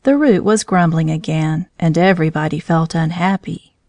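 A woman reading a children's story aloud, in a gentle, clear storytelling manner. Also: low-pitched, normal speed, no echo.

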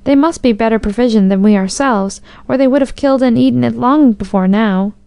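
A woman's voice: on the high side, a little fast, vocal fry, mellow, clear, resonant tone, dry recording. A deferential court noble, read by a woman. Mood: thoughtful. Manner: remarking, deferential. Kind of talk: storybook narration.

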